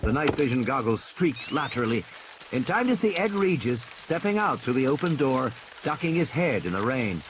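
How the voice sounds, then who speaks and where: A man reading a novel aloud as an audiobook narrator, with expressive, building tension. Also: medium pitch, moderate pace. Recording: rain noise in background.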